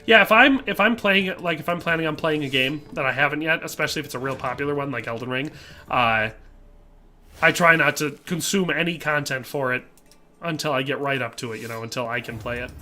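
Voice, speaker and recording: A man's voice: fairly high pitch, a little fast, sharp tone, faint music behind. A middle-aged man from the American Midwest with a Midwestern accent, chatting casually while playing a game live and reading chat aloud. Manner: chatty, reads chat aloud, frequent fillers. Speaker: streamer. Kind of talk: casual live gameplay commentary.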